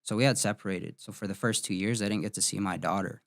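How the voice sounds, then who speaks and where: A man in his thirties, a podcast host, telling a painful personal story in an emotional, halting way with many restarts. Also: lowish voice, steady tone, no echo.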